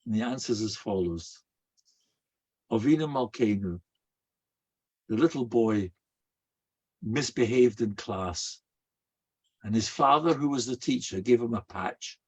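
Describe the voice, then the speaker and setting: Through dull, muffled lo-fi audio comes a rabbi's husky, mid-range voice, a little mellow and expressive, slightly slow with long pauses. Delivering a sermon rich in stories, he tells them in a folksy way, sprinkling in Hebrew and Yiddish terms.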